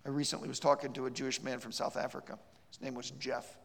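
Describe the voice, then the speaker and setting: Gravelly preacher in a reverberant church. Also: male voice, medium pitch, flat delivery, fast. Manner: emphatic, repeats words in restarts, storytelling. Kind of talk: sermon. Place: church sanctuary.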